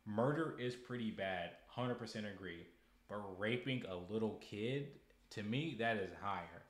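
His voice bouncing off an echoey room, the young podcast host speaks at a measured pace in a fairly low register. The relaxed monologue grows heated and preachy, and he trips over words and repeats them.

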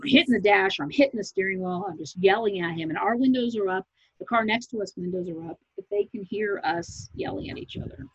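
Husky, emphatic middle-aged woman. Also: lowish voice, dry recording. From Kansas. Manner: loud and emphatic, rambling. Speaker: comedian guest. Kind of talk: casual podcast chat. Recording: muffled lo-fi recording.

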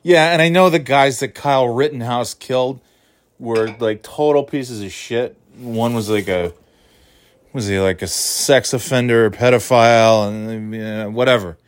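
A man's voice: mid-range voice, measured pace, dry recording. A man delivering an angry, profane rant with choppy, restarting sentences. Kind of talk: ranting monologue.

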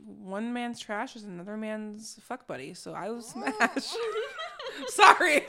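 A woman's voice: fairly high pitch, sing-song, slow pace, vocal fry, a crowd in the background. A young adult woman co-hosting a podcast, playful and giggly, cracking cheeky jokes. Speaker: podcast co-host. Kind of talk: casual chat.

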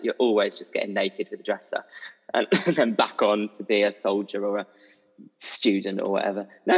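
Giggly young man in a reverberant room. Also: on the low side. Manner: animated, giggly storytelling. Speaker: guest, musical theatre performer. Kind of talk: casual chat. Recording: dull audio with long reverb.

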